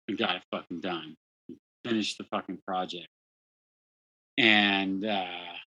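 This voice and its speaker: A man's voice: on the low side, bright, forceful tone, dry recording, poor audio. A man, a podcast guest, telling a candid story with blunt, profane, self-deprecating talk and lots of "dude" and "like". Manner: frequent "dude" and "like" fillers.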